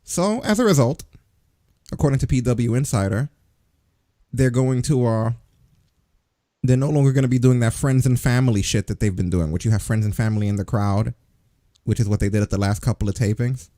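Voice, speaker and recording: A man's voice: mid-range voice, fairly quick, long pauses, mellow, no room sound, clean studio sound. A man co-hosting a wrestling news podcast in casual chat, ranting sarcastically with plenty of swearing. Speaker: podcast co-host.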